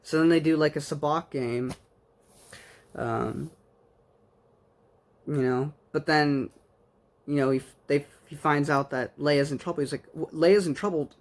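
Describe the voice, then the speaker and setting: A man's voice: fairly high pitch, fairly even intonation, a little slow, pauses often. A man giving a casual spoken book review, rambling like an enthusiastic fan with plenty of fillers.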